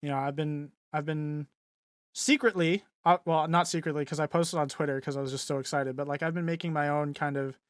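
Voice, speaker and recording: Recorded in studio quality with no room sound, this young man speaks briskly in a fairly high, steady voice. He's a streamer co-hosting a podcast, chatting casually, rambling with plenty of fillers and quick laughter.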